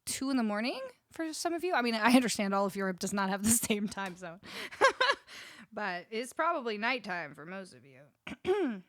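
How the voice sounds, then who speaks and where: A woman's voice: medium pitch, sing-song, moderate pace, a bit bright, no echo. A young Canadian woman with a Canadian accent, chatting casually with her live stream viewers, laughing often and reading their messages aloud. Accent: Canadian English. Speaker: music streamer. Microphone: studio vocal mic.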